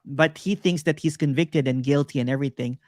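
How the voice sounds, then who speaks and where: A man speaking as a podcast guest, explaining ideas in a slow, thoughtful way and laughing easily. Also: fairly high pitch, darkish tone, no room sound, studio quality. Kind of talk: interview talk.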